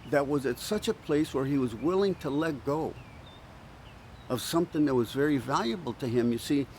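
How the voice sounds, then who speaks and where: A male pastor preaching with animated storytelling, acting out quoted voices and restarting words often. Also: mid-range voice, normal speed, a little hiss or hum. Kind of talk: sermon.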